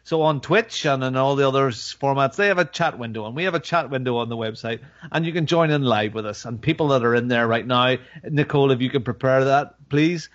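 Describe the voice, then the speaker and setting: A man's voice: medium pitch, fairly quick, few pauses. A man hosting a live podcast, chatting casually in a jokey, rambling way. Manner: jokey, rambling, laughs a lot. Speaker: podcast host. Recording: dull lo-fi sound.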